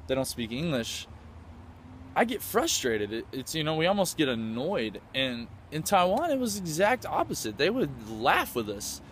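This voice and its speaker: A man's voice: fairly high pitch, sing-song, moderate pace, a bit bright, slight background noise. A man from the United States, enthusiastically recounting a trip in a rambling, casual way with lots of fillers and restarts. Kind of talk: casual storytelling.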